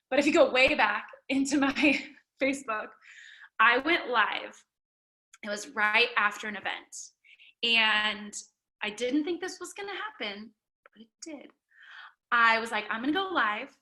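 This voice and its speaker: A woman's voice: on the high side, sharp tone, rough recording. A young woman leading a motivational team call, emphatic and upbeat, with lots of "like" between her thoughts. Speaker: team leader.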